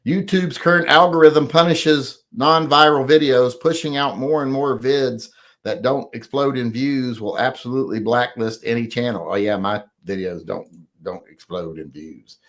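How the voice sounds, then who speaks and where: A man's voice: medium pitch, moderate pace, a bit bright. A middle-aged man with a drawl, hosting a casual livestream and reading chat, blunt and opinionated.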